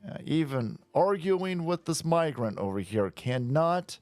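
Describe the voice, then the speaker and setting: A man's voice: fairly high pitch, very animated, measured pace, a little mellow, dry recording, soft background music. A man hosting a show, giving crude, mocking play-by-play commentary over video clips. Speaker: show host.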